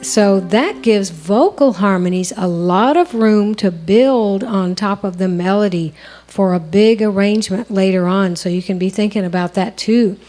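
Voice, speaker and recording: Woman, songwriting teacher, warm mellow tone, relaxed conversational explaining. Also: medium pitch, unhurried. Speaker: songwriting co-host. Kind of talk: instructional conversation.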